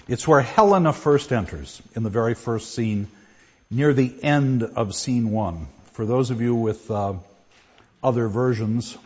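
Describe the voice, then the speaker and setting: A man's voice: mid-range voice, a little mellow. Man, teacher, classroom lecture, explains with spoken examples, dull lo-fi sound. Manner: explains with examples, reads lines aloud with pauses.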